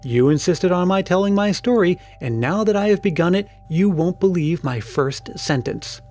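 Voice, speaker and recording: A man's voice: high voice, expressive, moderate pace, darkish tone, soft background music. A man voicing a genial, teasing middle-aged father who owns a mine, in a storybook reading. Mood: dry.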